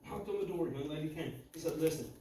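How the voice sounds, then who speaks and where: A man preaching a sermon, telling a story dramatically, swinging between loud and hushed. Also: on the high side, fast talker. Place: church sanctuary. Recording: echoey church from far off, faint noise.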